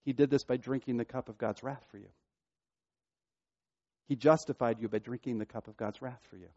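A man's voice: medium pitch, a little fast, a little mellow, no room sound. Man preaching a sermon, dull sound. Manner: preaching with rising emphasis and repetition. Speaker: pastor.

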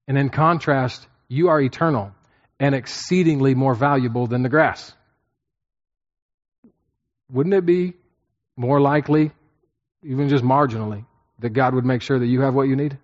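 A man's voice: mid-range voice, normal speed, long pauses. A man preaching and teaching from scripture to a group. He often repeats his points and checks in with his listeners. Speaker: pastor teaching a class. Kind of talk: sermon-style Bible teaching. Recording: dull lo-fi recording.

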